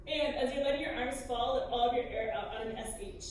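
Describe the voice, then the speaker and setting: Woman leading choir warm-ups in an echoey room. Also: high voice, a little fast, very noisy. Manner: encouraging, gives step-by-step physical cues. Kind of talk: vocal warm-up instruction. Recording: echoey room, distant mic, music.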